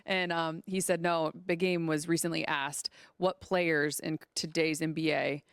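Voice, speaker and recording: A woman's voice: low-pitched, flat delivery, measured pace, clear, resonant tone, no echo, clean studio sound. A woman hosting a sports podcast, telling stories in casual, upbeat chat. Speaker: podcast host.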